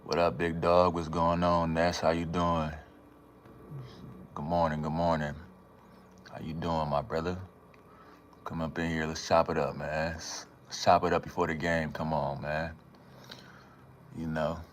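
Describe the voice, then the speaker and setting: Very deep-voiced laid-back man. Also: level tone, unhurried, long pauses, slight background noise. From Minnesota, USA. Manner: laid-back, slangy, greets chatters by name. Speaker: livestream host. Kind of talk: casual livestream chat with viewers.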